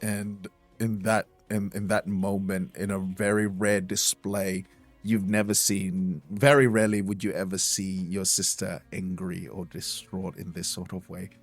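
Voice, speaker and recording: A man's voice: sits low, level tone, measured pace, faint music behind. A man narrating as game master of a tabletop game, hesitant and full of fillers.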